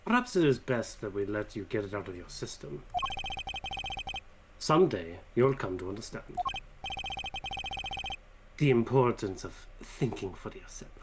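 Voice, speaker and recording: A man voicing a smug, patronizing young male prosecutor with a slow, lecturing delivery. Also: fairly low pitch, animated, heavy background noise. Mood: condescending.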